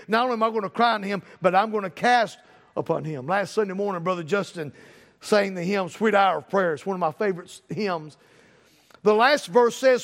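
A man, a pastor preaching a sermon, repeating phrases and building to loud emphatic peaks. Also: high voice, fairly quick, big-room sound.

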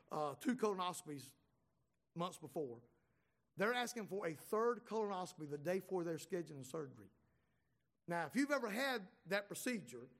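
A middle-aged man tells a humorous story to an audience in a folksy, chatty way, often restarting his sentences. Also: high-pitched. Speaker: speaker.

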